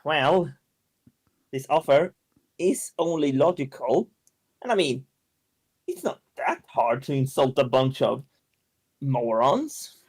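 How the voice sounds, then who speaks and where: A man's voice: mid-range voice, sing-song, slow, long pauses, full character voice. A man voicing a smug, self-assured male inventor in a tabletop game.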